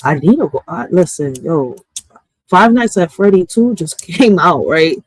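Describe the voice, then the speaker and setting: A woman's voice: on the low side, animated, measured pace, slightly rough, rough recording. A woman who streams and writes poetry, ranting casually and with a lot of profanity, full of slang and talking straight to her chat. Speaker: streamer and poet. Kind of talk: casual live-stream rant.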